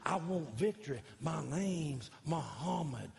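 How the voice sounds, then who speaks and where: A man's voice: on the high side, expressive, slow pace, creaky, darkish tone, pitched above the performer's own voice, exaggerated voice. A man doing a cocky, chanting heavyweight boxer. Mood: boastful. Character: boastful male heavyweight boxer, cocky and rhythmic. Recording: reverberant church hall, live.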